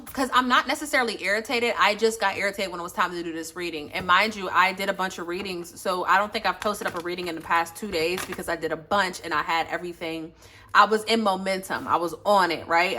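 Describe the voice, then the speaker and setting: A woman's voice: lowish voice, sharp tone. A woman giving a casual tarot reading into her phone, chatty, blunt and slangy, with lots of profanity. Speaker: tarot reader. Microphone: phone, face off camera.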